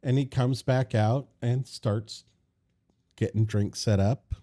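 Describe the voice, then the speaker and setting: Male game master, slow and expressive delivery, mellow tone. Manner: slow, playful narration with lively pitch. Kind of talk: narrating a tabletop game.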